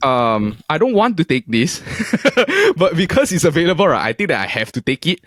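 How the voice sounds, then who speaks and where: A man's voice: fairly high pitch, no room sound, clean studio sound. A man with a Singaporean English accent hosting a casual podcast chat, sprinkling his talk with lah and leh. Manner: lively, quick, uses lah and leh particles. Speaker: podcast host.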